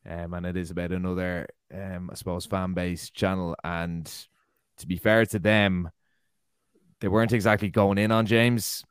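An Irish man in casual football chat who argues his case with pointed questions. His voice sits fairly low, and the sound is dry and close. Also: little pitch movement, moderate pace, clear, resonant tone, no room sound. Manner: argumentative, rhetorical questions. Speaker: podcast co-host.

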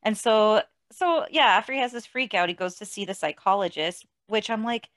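A woman chatting casually about a film, animated, laughing often and acting out lines. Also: mid-range voice, normal speed, few pauses, no echo. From outside the US.

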